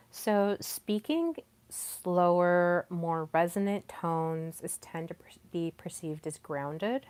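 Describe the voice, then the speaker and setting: A woman hosting a solo podcast, talking softly and deliberately with many pauses. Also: fairly low pitch, smooth. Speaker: podcast host. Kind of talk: solo podcast talk on communication.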